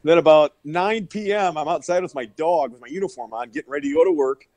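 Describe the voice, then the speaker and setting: A middle-aged man tells rowdy, swear-filled stories as a podcast guest, laughing as he goes. His voice sits fairly high, and the sound is dry and close. He is heard over a remote call line. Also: quick pace, a little mellow, dry recording. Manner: profane, laughing, rowdy storyteller. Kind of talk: casual storytelling.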